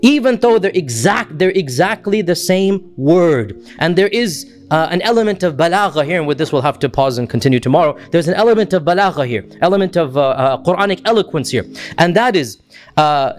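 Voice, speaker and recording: A man lecturing on Quran commentary, patiently explaining Arabic words and checking in with his listeners. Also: high voice. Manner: shifts into chanted Arabic verse recitation. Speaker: Islamic lecturer.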